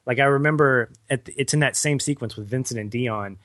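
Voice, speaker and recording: A man's voice: mid-range voice, fairly quick, fairly bright tone, no room sound. Thoughtful man on a movie podcast. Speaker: podcast co-host. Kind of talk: casual movie review chat.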